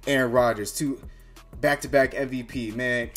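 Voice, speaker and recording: A man's voice: medium pitch, fairly even intonation, moderate pace, fairly bright tone, faint music behind. Fired-up man hosting a sports fan vlog. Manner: fired-up, trash-talking, conversational. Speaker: sports fan channel host.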